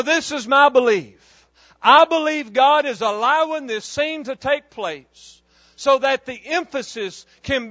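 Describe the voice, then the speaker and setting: A man's voice: extremely high pitch, fairly bright tone, dry recording, muffled recording. A man preaching a fervent, emphatic sermon full of repetition.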